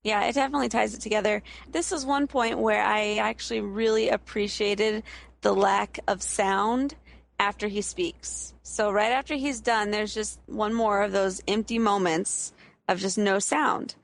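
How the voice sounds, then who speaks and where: Brief: reflective woman co-host, average pitch, lots of vocal fry. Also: fairly even intonation, normal speed. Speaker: podcast co-host. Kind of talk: casual chat.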